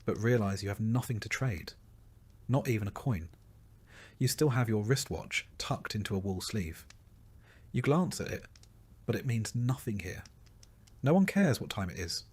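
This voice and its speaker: A man calmly narrating a soothing bedtime history story in the second person. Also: fairly low pitch, slightly rough, no room sound. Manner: soft, soothing and unhurried.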